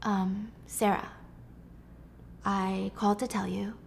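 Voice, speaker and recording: A woman voicing a calm doctor who speaks hesitantly at first, then directly and evenly. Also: medium pitch, takes it slowly, gravelly, a little hiss or hum. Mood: measured. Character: calm soft-spoken doctor delivering news.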